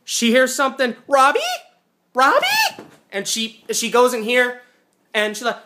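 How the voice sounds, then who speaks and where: A young man at home, filmed on a handheld phone camera, ranting and swearing about a movie he hated, with yelled outbursts. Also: very high voice, fairly even intonation, moderate pace, background noise. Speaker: movie reviewer. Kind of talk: angry movie-review rant.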